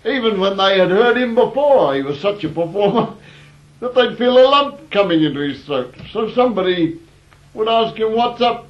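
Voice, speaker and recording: New man, storyteller, wry rambling yarns, fairly high voice, dull lo-fi recording. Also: expressive, moderate pace. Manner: wry, rambling, with fillers and restarts. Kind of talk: anecdotal storytelling.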